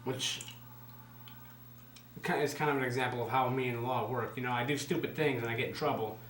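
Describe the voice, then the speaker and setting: In an echoey room, a man in his twenties with a mid-range voice tells a story a little fast, with a bit of hiss or hum on the recording. He's animated and profane, casually acting out what other people said.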